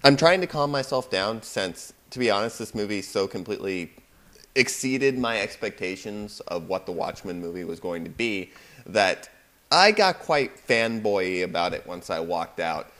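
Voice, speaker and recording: A man's voice: lowish voice, lively intonation, moderate pace, a bit bright. A young man giving a casual, rambling movie review on his video blog. He talks from a home computer and keeps getting sidetracked. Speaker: video blogger. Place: home room at parents' computer.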